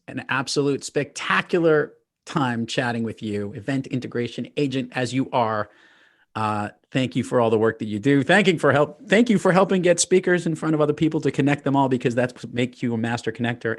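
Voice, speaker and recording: A man's voice: mid-range voice, fairly quick. A man hosting a podcast interview in a playful, upbeat, jokey way. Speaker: podcast host. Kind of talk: casual interview chat.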